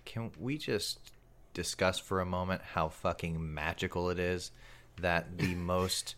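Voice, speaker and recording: Brief: deep-voiced guy, casual, profane, jokey. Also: fairly even intonation, measured pace, a bit bright. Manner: profane, joking, laughs often. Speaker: podcast co-host. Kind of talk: casual chat.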